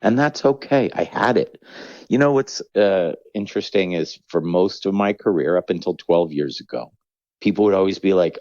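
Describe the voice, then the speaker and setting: Low-voiced reflective middle-aged man. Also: very animated, normal speed, darkish tone, no room sound, highs cut off. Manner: reflective, rambling, acts out quoted voices. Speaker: comedian guest. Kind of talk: candid podcast conversation.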